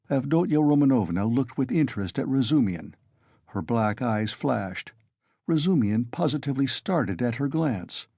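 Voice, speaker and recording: A man narrating a classic novel as an audiobook in measured storytelling. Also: mid-range voice, dark tone, dry recording, studio quality. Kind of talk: scripted narration.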